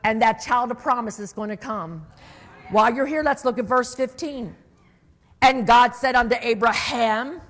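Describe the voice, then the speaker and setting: High-voiced woman preaching in a reverberant hall. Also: expressive, measured pace. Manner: calls for amens, builds to loud declarations. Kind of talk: sermon.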